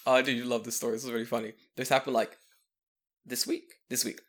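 A man telling stories on a casual podcast chat, animated, swearing often and laughing as he acts out the people he quotes. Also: medium pitch, fast talker. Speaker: podcast co-host.

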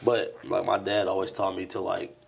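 A man's voice: low-pitched, little pitch movement, moderate pace, vocal fry, husky. A man co-hosting a podcast in casual chat, reflective and thoughtful. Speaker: podcast co-host.

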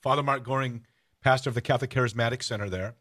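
A man hosting a casual podcast chat. He tells stories with eager energy, circling back and restarting his sentences. His voice sits at an everyday mid pitch. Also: fast, fairly bright tone. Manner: enthusiastic storytelling, rambling with restarts. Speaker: host.

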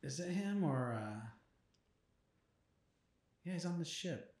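A man's voice: fairly high pitch, animated, takes it slowly, darkish tone. A man joining his wife's podcast as a guest, chatting casually in a laid-back way and laughing a lot. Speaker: guest, host's husband. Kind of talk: casual chat. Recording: echoey room.

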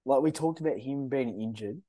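An Australian man hosting a casual sports podcast, talking in a rambling, animated way with lots of restarts. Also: mid-range voice, a little fast, no room sound. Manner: animated, rambling, mocks rival fans in a put-on voice. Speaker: podcast host.

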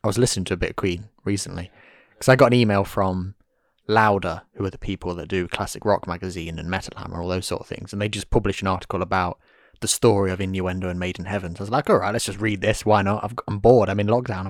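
Guy talking fast, low-ish, dry room, animated chat. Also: no room sound. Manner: animated, acts out quotes in put-on voices. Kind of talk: casual chat.

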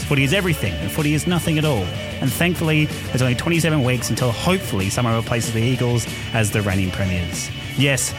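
An Australian man hosting a sports podcast, opening with a playful, theatrical intro before moving into casual chat. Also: medium pitch. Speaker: podcast host.

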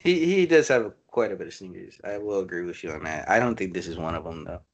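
Excitable swearing man reviewing a movie. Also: low-pitched, quick pace, muffled recording. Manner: excitable, swears freely, fillers like "dude" and "bro". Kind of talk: casual movie review chat.

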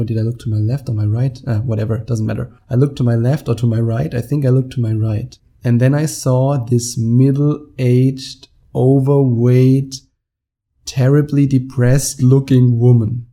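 A young man with a German accent talks straight into the mic, laughing now and then as he acts out what people said. His voice is very dark and mellow, with a relaxed tone. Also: medium pitch, a little slow. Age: 20s. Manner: animated storyteller, laughs often, acts out quotes. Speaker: podcast host. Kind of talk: casual monologue.

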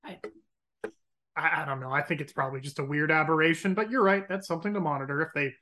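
A man co-hosting a casual sports-betting chat who hedges and stumbles over his openings while he thinks out loud. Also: a little high, quick pace. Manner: hedging, stammers at starts, thinks aloud. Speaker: podcast co-host.

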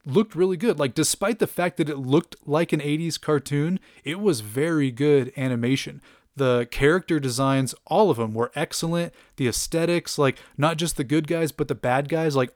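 In a casual chat, a man who hosts a podcast reviewing cartoons talks excitedly about an episode, wandering off track with lots of fillers and laughs. His voice leans high and a little mellow, recorded at studio quality with no room sound.

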